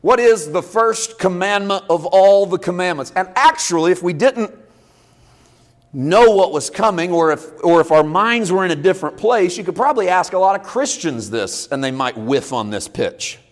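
A man's voice: high voice, expressive, moderate pace. A male pastor teaching a conversational sermon, explaining scripture in a folksy way with casual sports idioms. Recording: long reverb in a large hall.

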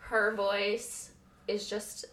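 Bright-voiced woman chatting on a podcast. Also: mid-range voice, flat delivery, echoey room, low-quality recording. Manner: chatty, lots of fillers and quick agreement. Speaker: podcast co-host. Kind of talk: casual chat.

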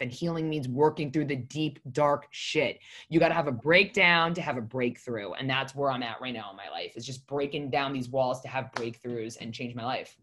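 A woman with a notably deep voice talks casually, sharing a personal story. She is blunt and emphatic, swearing freely, and speaks from the heart in a confessional way. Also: a bit bright.

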